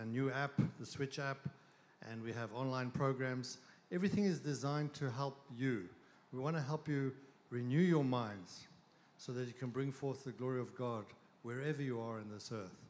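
A man speaking on stage at a conference, easygoing and joking, pausing with fillers before introducing his wife. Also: medium pitch, a little mellow. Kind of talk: stage talk with joke and announcements. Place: large conference hall with audience. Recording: long hall reverb, faint crowd noise.

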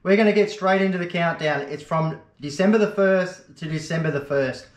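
An Australian man with a fairly high voice narrates his fishing trip outdoors by a river. He chatters to the fish and the viewers, excited and casual, in a loose vlog style. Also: normal speed, no echo. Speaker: fishing channel host.

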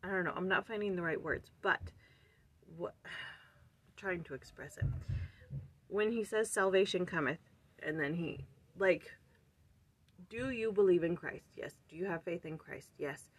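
A woman's voice: fairly low pitch, unhurried, long pauses, slightly rough. A woman hosting her own casual scripture study, thinking aloud in earnest and searching for words with sighs and restarts. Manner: earnest, urging questions to the listener. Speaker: host of a daily scripture study channel.

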